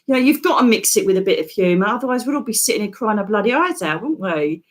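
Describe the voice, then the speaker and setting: A woman's voice: mid-range voice, lively intonation, fast talker. A woman psychic medium, hosting live readings in an emotional, affectionate way. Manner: emotional, affectionate, says darling.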